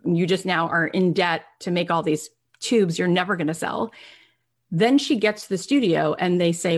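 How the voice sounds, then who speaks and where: A woman telling an inspiring story as a motivational speaker, acting out the people in it and rising to pleading peaks. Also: fairly low pitch. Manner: acts out quoted voices, rising and pleading at emotional peaks.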